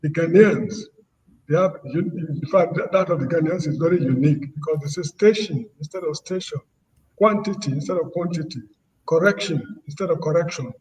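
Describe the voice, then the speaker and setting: A man's voice: on the high side, a little fast, darkish tone, in a large hall, recorded from a distance, poor audio. A man who is a guest on a panel talk show, making his case emphatically and arguing back. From Nigeria. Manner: emphatic, argumentative.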